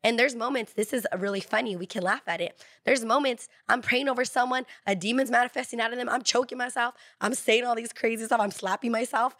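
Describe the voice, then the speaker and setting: A woman's voice: fairly high pitch, steady tone, fast, hardly any pauses, a bit bright, dry recording, clean studio sound. A woman sharing her faith testimony in a podcast chat, earnest, often acting out what God and other people said to her.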